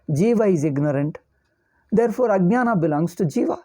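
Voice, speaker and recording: A woman teaching Vedanta in a scripture commentary lecture, speaking. Her voice sits fairly low and sounds warm and mellow. She explains step by step, circles back over her phrases and often asks "okay?". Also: expressive, brisk.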